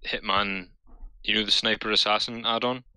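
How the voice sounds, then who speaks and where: A man co-hosting a podcast, talking in a casual, animated and sweary way. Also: lowish voice, moderate pace, clean tone, dry recording, rough recording. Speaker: podcast co-host. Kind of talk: casual chat.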